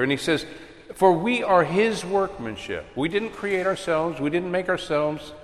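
Emphatic male preacher in a reverberant hall. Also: a little high. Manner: emphatic, swings loud and soft while preaching. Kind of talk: sermon.

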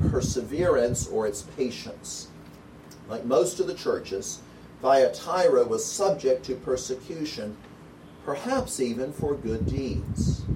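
Male preacher, earnest expository sermon, slow and deliberate, distant mic, roomy and noisy recording. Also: medium pitch. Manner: earnest, emphatic, repeats key phrases.

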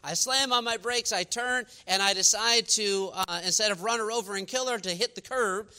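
A male pastor with a high, very bright voice gives a sermon. He talks like he is telling a story to friends, full of "you know" and "uh", and grows earnest and emphatic. His tone is smooth and clear. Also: normal speed. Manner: conversational storytelling with frequent fillers; earnest, rising to emphatic preaching.

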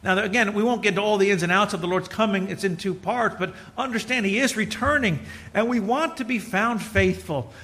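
A man's voice: high voice, fairly quick, bright, forceful tone. A middle-aged man preaching a folksy sermon, talking conversationally through personal stories and building to emphatic points.

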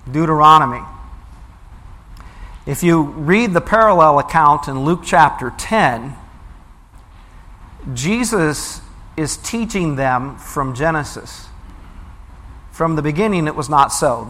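A man delivering a sermon in a slightly high voice. He reads scripture aloud, then explains it, leaning hard on key words. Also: fairly bright tone. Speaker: preacher.

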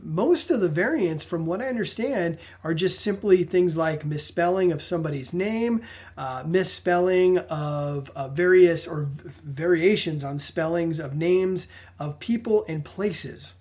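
A man's voice: high-pitched, measured pace, a little mellow. A man hosting a casual conversation, asking thoughtful, somewhat hesitant questions. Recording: dull lo-fi audio.

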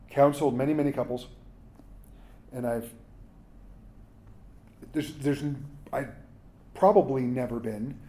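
A man preaching a casual, conversational sermon as pastor. He reads scripture, then talks to his listeners with frequent asides, quick jokes and "right?". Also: medium pitch, dark tone.

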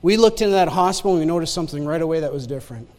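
Man, pastor, high voice, emphatic sermon, repeats key lines, reverberant church hall. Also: lively intonation, very fast, darkish tone, faint music behind. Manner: emphatic, repeats key phrases, asks the congregation "Amen?". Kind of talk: sermon with personal storytelling. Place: church sanctuary.

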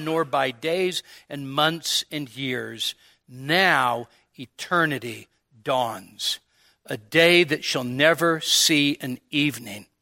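A man's voice: a little high, pushed and bright. A male pastor preaching a sermon, reading old-fashioned prose in a dramatic, solemn way. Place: church service.

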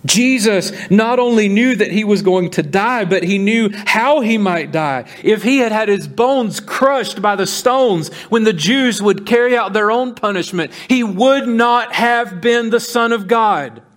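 A pastor preaching a sermon, earnest, slowing down to stress key points and acting out the dialogue of scripture. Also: male voice, high-pitched, lively intonation. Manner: earnest preaching, slows for emphasis, acts out dialogue.

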